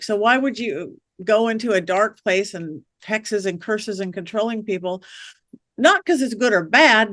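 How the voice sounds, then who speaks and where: A woman guest on an interview podcast, a witch and medium, telling lively stories and acting out the voices of people she quotes. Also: medium pitch, no room sound, clean studio sound. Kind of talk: storytelling interview chat.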